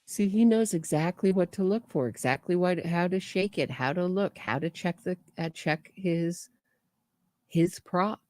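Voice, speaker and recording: A woman's voice: lowish voice, moderate pace, a little mellow, dry recording. A woman commentating on trial footage in a chatty way, often restarting and trailing off mid-thought. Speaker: true crime commentator.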